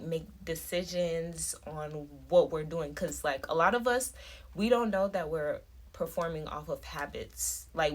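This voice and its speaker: Rambling woman vlogger, low-pitched. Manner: rambling, many fillers and restarts. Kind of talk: casual talk to camera. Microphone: phone camera.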